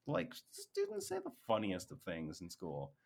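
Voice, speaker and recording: A man's voice: fairly low pitch, wildly swooping pitch, measured pace, creaky, slightly rough. A young man co-hosting a podcast, telling stories in casual chat, laughing often and using lots of fillers. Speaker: podcast co-host and music teacher.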